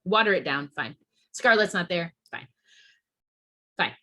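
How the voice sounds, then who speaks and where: Heated, bright-voiced woman ranting. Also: lowish voice, lively intonation, a little slow. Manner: heated, profane, emotional venting with restarts. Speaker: podcast host. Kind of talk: casual podcast rant.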